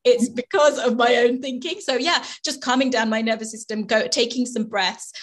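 A woman's voice: a little high, moderate pace. A woman life coach hosting a podcast, who talks openly and reflectively about her own experiences. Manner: open, reflective, shares personal stories. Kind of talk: casual podcast conversation.

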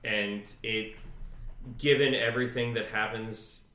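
A man co-hosting a podcast, recapping scenes in a relaxed way with plenty of ums. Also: fairly low pitch, measured pace, echoey room. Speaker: podcast co-host. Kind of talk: casual chat.

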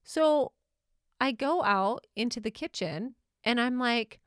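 A woman's voice: on the high side, animated, slow, clean tone, dry recording, clean studio sound. Chatty mother co-hosting a podcast. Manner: chatty storytelling, laughs often, acts out quotes. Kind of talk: casual chat.

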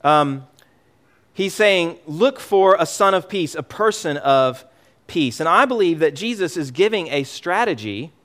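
A middle-aged man preaching a sermon as pastor, emphatic and animated, often repeating words as he goes. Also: a little high.

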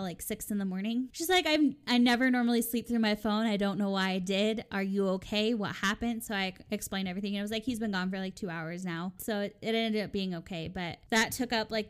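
A woman in casual chat telling an animated story about a hotel night shift, acting out what each person said. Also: medium pitch, clear, resonant tone.

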